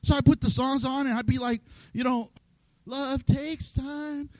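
A man's voice: very high-pitched, steady tone, a little fast, dry recording, poor audio. A man preaching a sermon in a playful way, acting out voices and laughing often. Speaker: pastor.

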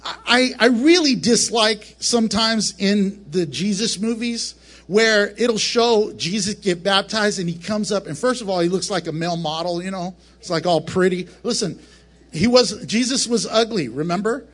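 A man preaching a casual, joking Bible lesson to a camera, animated and prone to breaking off mid-sentence. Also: high voice, moderate pace. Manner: animated, joking, self-interrupting. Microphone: camera mic up close.

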